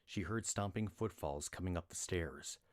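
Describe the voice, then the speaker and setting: A man reading a novel aloud on a livestream in a slow, steady storytelling manner. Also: low voice, no echo, clean studio sound. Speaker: reader.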